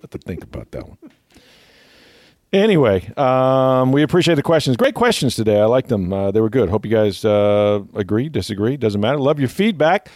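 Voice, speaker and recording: Hosting a sports podcast, a man talks in an expressive mid-range voice at a moderate pace, a little mellow in tone. The studio recording is clean with no room sound, and his casual chat rambles along with fillers and easy laughs.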